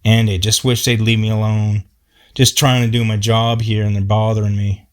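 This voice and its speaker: A man doing a gruff, cussing tree-feller. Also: on the low side, level tone, normal speed, natural voice. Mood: weary. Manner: blunt, profane, folksy backwoods talk. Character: gruff, short-tempered working man felling a tree.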